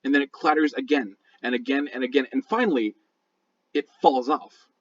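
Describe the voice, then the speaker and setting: A man narrating a tabletop game as game master, in a slow, dramatic storytelling manner. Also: mid-range voice, muffled recording.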